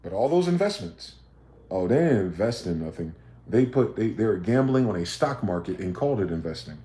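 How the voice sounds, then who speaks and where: A man's voice: lowish voice, sing-song, a little fast, mellow. Profane ranting man in an echoey room. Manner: profane, combative, rhetorical questions. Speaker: livestream host. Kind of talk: ranting livestream monologue.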